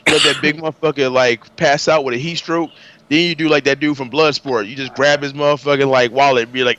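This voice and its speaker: A man's voice: mid-range voice, fairly even intonation, fast talker, a bit bright, lo-fi sound. A man joking around on a casual gaming podcast, slangy and laughing often. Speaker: podcast panelist.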